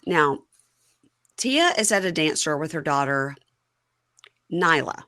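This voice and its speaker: A woman's voice: low-pitched, takes it slowly. A woman podcast host casually recapping a reality show, acting out the people she quotes. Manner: animated, acts out quoted lines in raised voices.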